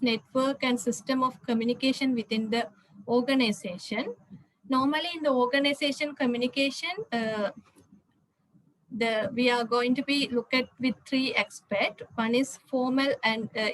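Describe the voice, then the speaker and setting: A woman's voice: high-pitched, poor audio. A woman giving a slide lecture, hesitant, with frequent "uh" fillers and word restarts.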